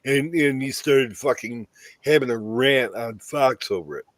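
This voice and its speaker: A man's voice: mid-range voice, unhurried, no echo. A man in casual political chat, indignant and swearing about prices and cuts. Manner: indignant, profane.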